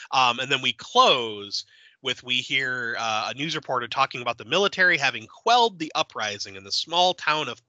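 A man's voice: medium pitch, bright, forceful tone, no room sound. A man co-hosting a podcast, recapping a film in casual chat, laughing often and swearing freely. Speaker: podcast co-host.

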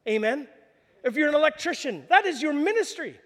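New pastor, very high voice, animated storytelling sermon, long hall reverb. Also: male voice, brisk. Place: church hall.

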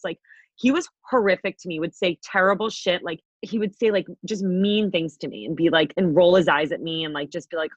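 A young woman co-hosting a podcast, telling a story in a brash, profane, animated way. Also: lowish voice, quick pace, no room sound, lo-fi sound. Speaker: podcast co-host. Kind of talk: casual storytelling chat.

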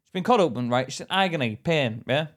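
This man, a British podcast co-host, tells an animated story in casual conversation, imitating people in a sing-song voice. He speaks fast at a medium pitch.

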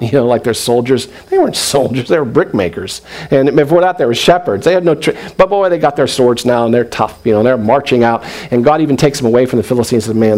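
A middle-aged man preaching a sermon in an animated way, with joking asides and quoted voices. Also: mid-range voice. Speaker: pastor.

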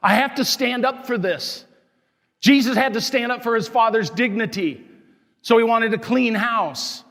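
A man's voice: very high voice, measured pace, fairly bright tone. A man, a parish priest, preaching an impassioned sermon full of rhetorical questions and declared righteous anger. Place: large church. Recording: long church reverb.

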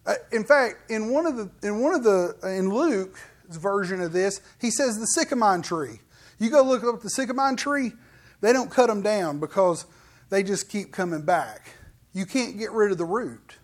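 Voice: medium pitch, expressive, moderate pace. An emphatic preacher teaching from scripture. The delivery is conversational and keeps reaching out to the listeners with asides and questions. The pace rises and falls to stress each key point. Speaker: pastor. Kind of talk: sermon.

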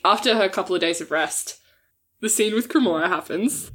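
A woman's voice: medium pitch, brisk, a bit bright, husky. A woman playing a tabletop game, thoughtfully describing what her character does. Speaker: player.

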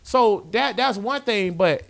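A man's voice: high voice, animated, slow pace, creaky. A man co-hosting a casual sports podcast, ranting in slangy talk with lots of rhetorical questions. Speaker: podcast co-host.

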